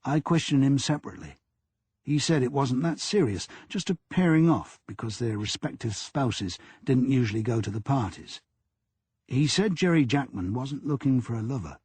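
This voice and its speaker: A man reading an audiobook, voicing a police detective who reports facts in a measured, matter-of-fact way. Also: medium pitch, expressive, a little mellow, slightly rough, no room sound. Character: stolid male police detective reporting to his boss.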